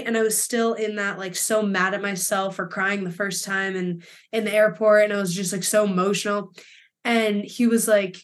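A young woman co-hosting a podcast, telling a story in casual chat with an animated, laughing, swearing delivery. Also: mid-range voice. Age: young adult. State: emotional. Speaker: podcast co-host.

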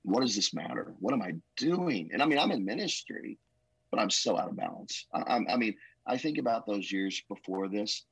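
A man tells his story as a pastor, earnest and emotional. His voice sits low and husky. The recording is close and dry, with no room sound. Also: animated, moderate pace, a bit bright, no echo, rough recording. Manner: emotional, earnest, says "man" and "bro" often. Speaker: pastor, podcast guest. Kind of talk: testimony storytelling.

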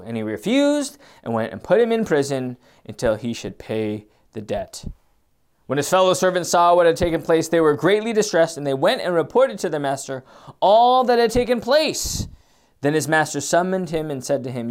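Delivering a sermon, a man shifts from loud, emphatic stretches to soft, hesitant reflection packed with fillers. He has a mid-range, expressive voice and speaks at normal speed.

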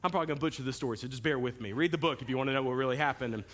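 A man pastor preaching a sermon in an animated, storytelling way, talking directly to the congregation. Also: mid-range voice, racing.

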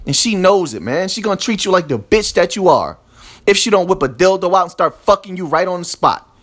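A man's voice: sits high, animated, brisk, fairly bright tone. A man delivering a podcast rant, blunt, profane and confrontational. He hammers his points by repeating them, with an intense, aggressive drive. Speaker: podcast host. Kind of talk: ranting monologue.

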